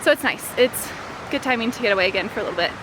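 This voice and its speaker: A chatty, rambling woman in her late twenties with a bright, high voice talks casually to a handheld camera. She is outdoors at a campsite, and steady outdoor noise sits clearly under her voice throughout. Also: racing. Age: late 20s. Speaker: vlogger. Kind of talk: casual vlog chat.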